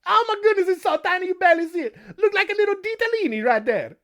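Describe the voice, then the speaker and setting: A man voicing a cruel, cackling aunt with an Italian accent, in a high sing-song falsetto. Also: expressive, fast talker, fairly bright tone. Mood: taunting.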